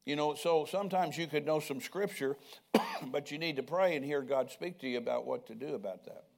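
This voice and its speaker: A man's voice: fairly high pitch, brisk, creaky. An older man preaching a sermon in a conversational way, often asking the congregation questions. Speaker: pastor.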